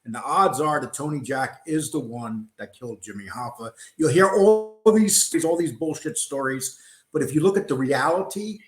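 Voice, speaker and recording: A man's voice: medium pitch, moderate pace, roomy sound. A man hosting an interview, stating his view bluntly and emphatically. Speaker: interview host. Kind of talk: casual interview talk.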